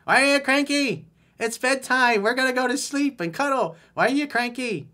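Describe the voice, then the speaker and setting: A man voicing a man who coos at his cranky partner in sing-song baby talk, high above his usual voice. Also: moderate pace, pushed and bright. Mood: teasing.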